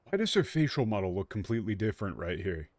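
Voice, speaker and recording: A tired young man giving animated, joking let's-play commentary as a streamer, swearing freely. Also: lowish voice, quick pace, no echo. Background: faint game music.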